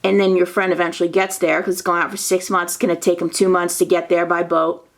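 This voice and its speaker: A woman tells history in a relaxed way, reading from old newspapers and then breaking off for excited asides, playful mock dialogue and soft whispers. Her voice is fairly low and she talks fast.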